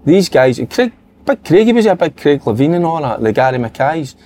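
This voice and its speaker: A man's voice: fairly high pitch, sing-song, a little fast, a little mellow. A man with a Scottish accent, a former footballer, chatting candidly and reflectively as a podcast pundit. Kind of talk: casual football chat.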